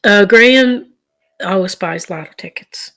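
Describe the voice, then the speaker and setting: A woman's voice: mid-range voice, a little slow, a bit bright. A middle-aged woman from Canada's East Coast, chatting casually through a grocery haul and rambling stories with many fillers and restarts. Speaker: vlogger showing a grocery haul. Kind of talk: casual chat.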